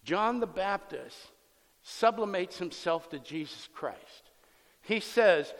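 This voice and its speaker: A man's voice: sits high, animated, slow, a bit bright. A man preaching a sermon as pastor, conversational and emphatic, acting out the scenes he explains, in a long hall reverb.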